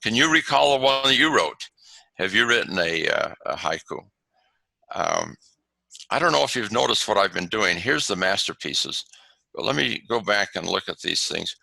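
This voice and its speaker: A man gives a lesson from slides over a video call, talking in halting bursts full of fillers. His voice is gravelly and bright with a lot of movement in the pitch, and the sound is dry and close. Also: expressive, no echo, poor audio. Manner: halting, many fillers and restarts. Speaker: webinar presenter on haiku.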